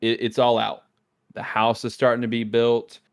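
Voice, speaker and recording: Smooth-voiced man recapping excitedly. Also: medium pitch, moderate pace. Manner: animated, acts out characters' lines while retelling scenes. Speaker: podcast co-host. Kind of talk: casual episode recap.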